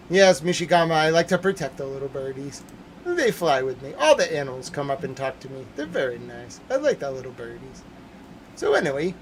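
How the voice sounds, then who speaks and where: A man hosting a livestream news commentary, hoarse from yelling, ranting loudly and repetitively, swinging between shouts and mutters. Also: on the high side, slight background noise.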